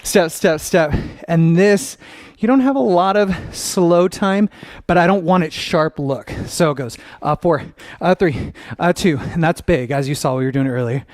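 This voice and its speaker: A young man leads a dance class in an upbeat, encouraging way, counting out each step. His voice sits a little high, and the sound is dry and close. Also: moderate pace, darkish tone, no echo. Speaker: dance teacher.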